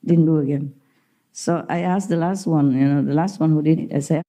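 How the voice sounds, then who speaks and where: A woman's voice: low-pitched, fairly even intonation, fairly quick, dark tone. A woman talking as a spiritual teacher, telling stories casually with frequent laughter in non-native English grammar. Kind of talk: casual storytelling talk.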